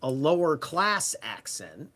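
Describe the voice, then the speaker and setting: Man, rambly podcast talker, highish voice, casual swearing. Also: very animated, slow pace, fairly bright tone.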